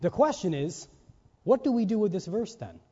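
High-voiced preacher in a reverberant hall. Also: male voice, sing-song, moderate pace, dark tone, husky. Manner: rhetorical questions and checks with listeners; emphatic, stressing single words. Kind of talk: sermon. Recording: reverberant hall, dull lo-fi sound.

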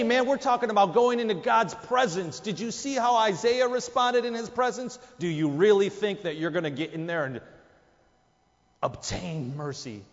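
A man's voice: a little high, dull audio. Emphatic man preaching in an echoey hall. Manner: emphatic, rises sharply for quoted lines. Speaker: pastor. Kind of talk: sermon.

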